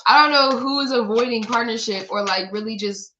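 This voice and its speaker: A woman's voice: a little high, fairly quick, bright, forceful tone, a little hiss or hum, poor audio. A woman giving a casual spiritual card reading in a blunt, profane way, laughing at herself. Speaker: tarot reader.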